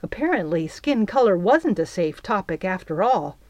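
Woman, audiobook narrator, calm even storytelling, dry close recording. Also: medium pitch, moderate pace, hardly any pauses, dry recording.

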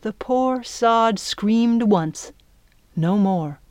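A woman narrating an adventure storybook in a measured, expressive reading voice. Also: a little high, clear, resonant tone, dry recording. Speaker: audiobook narrator.

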